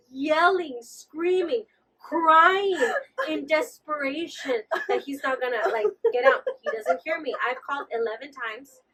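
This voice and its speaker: High-voiced, animated young woman storyteller. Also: recorded from a distance, poor audio. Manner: animated, laughing, switches into Spanish. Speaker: podcast co-host. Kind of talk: casual storytelling chat.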